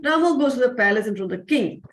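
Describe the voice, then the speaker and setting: A woman's voice: on the high side, fast talker, echoey room, poor audio. A woman with an Indian English accent telling a story, acting out the characters' voices as she narrates. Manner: animated, acts out voices of the characters. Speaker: storyteller and spiritual teacher. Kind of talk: storytelling to children in an online session.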